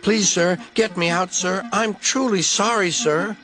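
A man's voice: sits high, a little slow, bright, forceful tone, pitched above the performer's own voice. Percy, a man voicing a cheeky little engine. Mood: pleading. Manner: eager, cocky, pleading when in trouble. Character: cheeky, boastful small male tank engine. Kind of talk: fan-dubbed storybook reading. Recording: music playing underneath.

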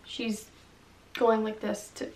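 A woman's voice: mid-range voice, completely flat delivery, slow pace, darkish tone, far from the mic. A young woman giving sarcastic, chatty commentary while playing a story game and reading its lines aloud. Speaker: gaming vlogger. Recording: echoey room, voice off-mic, music behind.

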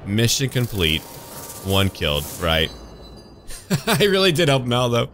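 A man's voice: mid-range voice, wildly swooping pitch, measured pace, a bit bright, a little hiss or hum. A man giving sarcastic, jokey running commentary while playing a video game, over game music. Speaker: gaming YouTuber. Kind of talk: let's play commentary.

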